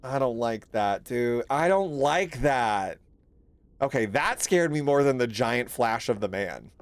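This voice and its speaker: A male streamer talking casually over a spooky game, his pitch bouncing all over as he reacts. He laughs a lot, drops the odd swear and keeps greeting his chat. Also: unhurried. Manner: animated, laughs often, swears, thanks chat. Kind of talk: casual live gameplay commentary.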